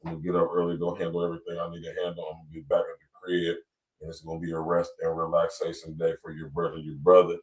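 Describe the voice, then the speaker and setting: A man's voice: deep voice, completely flat delivery, fast, darkish tone. A man hosting a podcast, signing off in laid-back casual chat with loose, repetitive phrasing. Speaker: podcast host.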